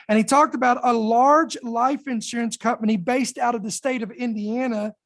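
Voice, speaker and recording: Emphatic higher-pitched woman podcast host. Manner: emphatic, dramatic pauses, slow deliberate emphasis. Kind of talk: reading and commenting on news.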